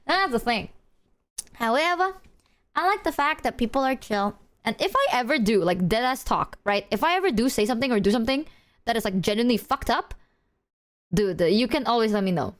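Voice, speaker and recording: A woman's voice: on the high side, expressive, brisk, a bit bright. A young woman streaming as a VTuber, chatting casually with viewers in a rambling, slangy, self-mocking way and laughing often.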